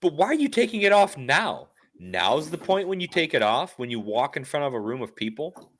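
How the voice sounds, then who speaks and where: Incredulous male podcast co-host, lively pitch. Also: normal speed. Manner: incredulous, questioning. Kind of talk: casual podcast banter.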